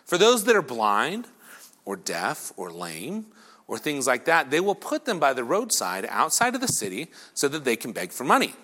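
Middle-aged male pastor, bright and expressive, animated storyteller. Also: mid-range voice, moderate pace. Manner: animated storytelling, acting out crowd voices and whispers. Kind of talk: sermon.

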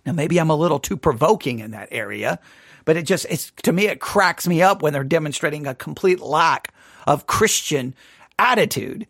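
Animated, provocative male Bible teacher. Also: on the high side, normal speed, creaky, no echo, studio quality. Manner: provocative, sarcastic, conversational. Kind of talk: lengthy teaching sermon.

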